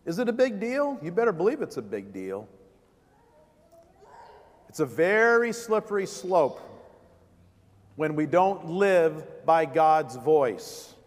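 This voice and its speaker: Man, vicar's sermon, slow deliberate delivery, emphatic rhetorical questions, echoing church hall. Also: fairly high pitch, big pitch swings.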